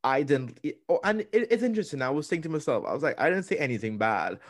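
A young man co-hosting a podcast, chatting in a lively way, acting out what people said and restarting his sentences. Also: fairly high pitch, fast, a little hiss or hum. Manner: animated storytelling, acting out quotes with restarts. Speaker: podcast co-host. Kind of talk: casual interview chat.

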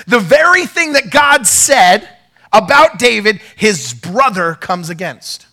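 A man preaching a sermon as pastor, animated and acting out the people in his story. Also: takes it slowly, vocal fry. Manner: animated, acts out quoted voices; drops to a quiet, low storytelling tone.

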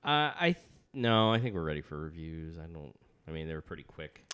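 A man co-hosting a casual podcast chat, teasing and animated, quick to get excited about his projects. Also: very deep voice, smooth. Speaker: podcast co-host.

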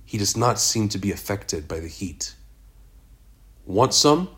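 A man narrating a first-person story in a measured, even reading. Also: on the low side. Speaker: audiobook narrator.

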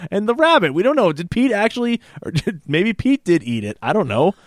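A man co-hosting a podcast, talking in a casual, animated way with frequent laughs. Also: sits high, brisk, no echo, studio quality. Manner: animated, laughs often, many fillers. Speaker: podcast co-host. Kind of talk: casual chat.

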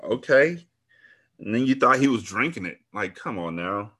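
A man's voice: fairly low pitch, lively intonation, moderate pace, sharp tone. A man hosting a podcast, reading a novel aloud and commenting in a casual, profane, laid-back way.

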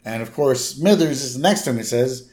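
A man's voice: medium pitch, lively intonation, moderate pace, a little mellow. Wry man adding dry asides. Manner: wry asides, adds commentary to the plot. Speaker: podcast co-host. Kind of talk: casual chat recapping a cartoon episode.

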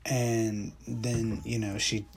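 A man's voice: lowish voice, flat delivery, slow pace, husky. A man in casual chat, recapping a film plot, laughing easily and chiming in to agree. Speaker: podcast co-host recapping a film.

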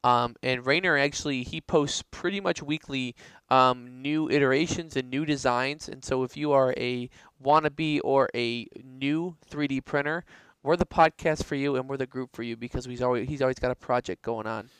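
A man's voice: medium pitch, normal speed, a bit bright, clean tone, dry recording, low-quality recording. A man co-hosting a casual podcast, friendly and playful, plugging the show's group. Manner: friendly, playful, laughs often. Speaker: podcast co-host.

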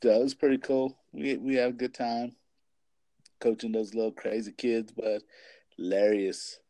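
A man's voice: medium pitch, level tone, measured pace, warm tone, no room sound. A young man in casual chat, rambling with lots of filler words and swearing as he talks about his family. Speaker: parent and kids' basketball coach.

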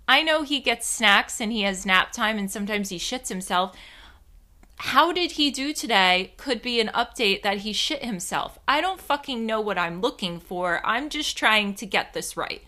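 A young woman telling a personal story in a casual, animated, self-mocking way, swearing freely as she goes. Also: medium pitch, normal speed.

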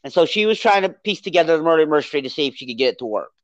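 A podcast co-host in a casual movie review chat, rambling and animated as they recount the plot. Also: mid-range voice, racing, no echo, muffled recording. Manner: rambling, animated, acts out character quotes.

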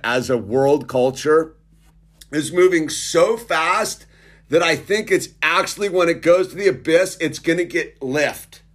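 A middle-aged man with a slightly raised pitch rants casually and sarcastically. He rambles, trips over his words and restarts sentences. He keeps calling the listener "dude". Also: animated, slow pace, a bit bright. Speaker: commentator. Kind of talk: casual ranting monologue.

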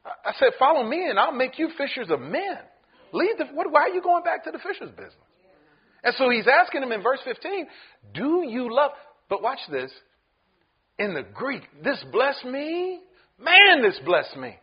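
A man preaching a sermon as pastor, animated and acting out the people in his story. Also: very high voice, normal speed, husky, highs cut off. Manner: animated, acts out voices in the story.

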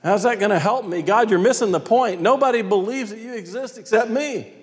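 A man's voice: high voice, a little fast, pitched above the performer's own voice, lightly acted. A man voicing a frightened, complaining male prophet who pleads and questions in exasperation. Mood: despairing. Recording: long hall reverb.

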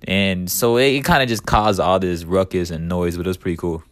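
A man with a deep, low voice talks straight into the mic in a loose podcast monologue. He rambles, leans hard on "like" and "man", and swears freely. He breaks into heated rants now and then. The sound is dry and close. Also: fairly even intonation, brisk, dry recording. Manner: profane, rambling, heavy use of "like" and "man"; heated ranting bursts. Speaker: podcast host.

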